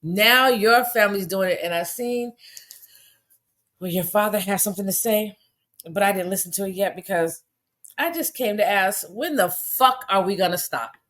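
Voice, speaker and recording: A woman's voice: mid-range voice, lively intonation, moderate pace. A woman delivering an angry, profane rant on a livestream, firing off rhetorical questions. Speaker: commentator. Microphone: phone.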